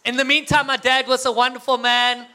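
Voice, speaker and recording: High, bright South African man. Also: level tone, brisk, clean tone. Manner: playful, gets the crowd to call back. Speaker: guest speaker. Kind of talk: humorous personal testimony to an audience.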